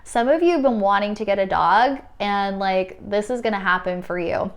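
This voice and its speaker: A woman giving a pick-a-card oracle reading who gushes with excitement and then turns soothing and reassuring toward the listener. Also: mid-range voice, normal speed. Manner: gushing, excitable, exclaims often. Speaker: tarot card reader.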